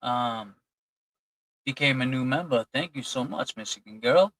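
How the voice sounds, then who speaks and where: Guy on a livestream reading super chats, chatty and loose, dry sound, normal pitch. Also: a little slow, fairly bright tone, no room sound, poor audio. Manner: reads out donor names and thanks them, chatty and loose. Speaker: livestream host.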